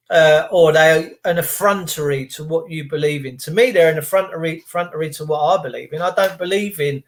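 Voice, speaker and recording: A man's voice: fairly high pitch, fairly quick, hardly any pauses. A man hosting a livestream, ranting indignantly and sarcastically and talking straight to his chat viewers. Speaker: livestream host.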